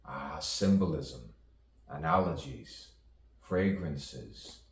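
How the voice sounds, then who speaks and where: A man's voice: very deep voice, expressive, drawn-out words, creaky. A man performing a spoken-word poetic monologue in a rhythmic delivery full of repetition and wordplay. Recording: echoey room, distant mic.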